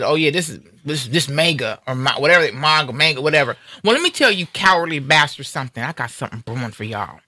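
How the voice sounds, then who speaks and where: A woman's voice: low voice, pushed and bright, no echo. A woman hosting a talk radio show, delivering an angry, emphatic and defiant rant.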